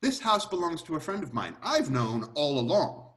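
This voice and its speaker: An excitable butler played by a man rattles through a murder solution in an amateur script read-through. His voice is bright and a little high. It leaps up and down as he explains. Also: moderate pace. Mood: animated. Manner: animated, theatrical explaining.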